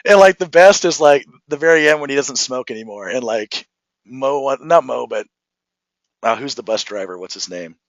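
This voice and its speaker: A man's voice: mid-range voice, lively intonation, moderate pace, no room sound, lo-fi sound. A man hosting a podcast, chatting casually and eagerly retelling favorite cartoon scenes with frequent laughter. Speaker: podcast host. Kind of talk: casual conversation.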